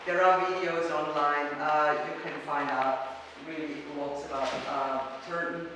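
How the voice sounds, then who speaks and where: A woman's voice: low-pitched, steady tone, a little slow. A woman giving a workshop presentation and answering questions, talking hesitantly with many restarts, recorded from far off in a large echoing hall. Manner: hesitant, restarts often, searches for words. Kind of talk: conference presentation and Q&A. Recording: echoey hall from far off with noise.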